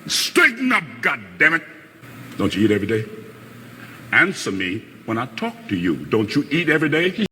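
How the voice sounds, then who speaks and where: An actor playing a stern, gruff father who lectures his son, dropping into low growls and rising into shouts. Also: very animated, fairly quick, big-room sound, a little hiss or hum. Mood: scolding. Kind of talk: film drama.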